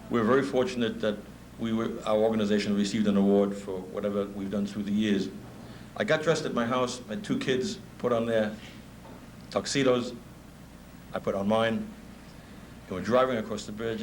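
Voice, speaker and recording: A man's voice: fairly low pitch, normal speed, slight background noise, poor audio. A man in his fifties with a New York accent, a music promoter telling stories in a speech and laughing often. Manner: animated storyteller, laughs often. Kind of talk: anecdotal speech.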